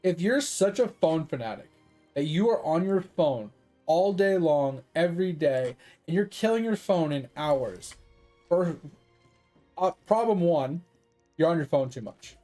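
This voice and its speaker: A man's voice: on the high side, animated, unhurried, dark tone, faint music behind. A man streaming games, ranting casually and profanely to his chat. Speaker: game streamer.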